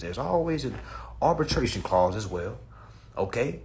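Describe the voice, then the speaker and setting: A man hosting a phone livestream in a loose, preachy way. His pitch swings all over as he builds his points, and he drops curses and laughs at his own jokes. His voice sits at a middle pitch. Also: sing-song, moderate pace, vocal fry, darkish tone. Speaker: livestream host. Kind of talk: casual livestream talk.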